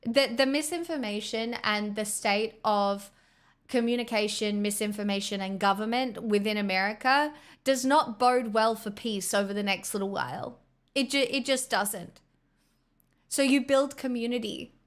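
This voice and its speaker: An Australian woman with a fairly high voice talks off the cuff on a live stream. She is blunt and rambling, restarts her sentences often and swears freely as she answers viewers. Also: moderate pace. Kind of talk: casual chat reading viewer messages.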